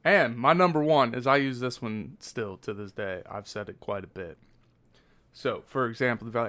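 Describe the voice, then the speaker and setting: A man co-hosting a casual podcast, dropping crude punchlines with a dry, matter-of-fact delivery. He also handles the show's announcements in a loose, offhand way. His voice sits at an ordinary middle pitch for a man. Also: normal speed. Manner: crude jokes, deadpan one-liners. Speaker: podcast co-host. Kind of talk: casual chat.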